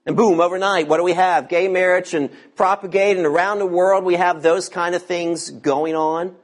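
A man in his fifties from the United States preaching a sermon, swelling to emphatic shouts and slowing down to read scripture. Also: sits high, fairly even intonation. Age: 50s.

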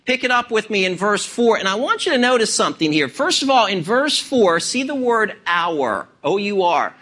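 A man preaching a sermon in a high voice. His tone is bright and forceful, and he leans on key words and fires rhetorical questions at the congregation. He speaks as the pastor of the church. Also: big pitch swings, moderate pace. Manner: expository preaching with rhetorical questions and emphatic stresses.

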